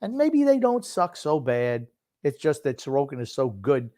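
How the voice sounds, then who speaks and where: A man's voice: mid-range voice, very animated, moderate pace, dark tone, no room sound, studio quality. An older man co-hosting a podcast, chatting casually about hockey in a blunt, grumbling way. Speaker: podcast co-host. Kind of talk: casual sports chat.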